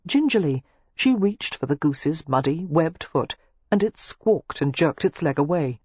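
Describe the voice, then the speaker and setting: An audiobook narrator reading a novel aloud in an expressive, scripted style. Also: unhurried, breathy edge, dry recording. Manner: expressive, shifting pitch through the narration. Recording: dull lo-fi dry recording.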